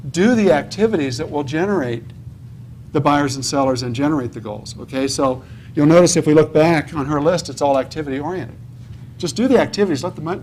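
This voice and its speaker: At a real estate conference, a man gives a preachy, motivational seminar talk in a conference hall, posing questions to the audience, answering them himself, and often checking in with "okay?". His voice is fairly high with a darkish tone, and there's slight background noise.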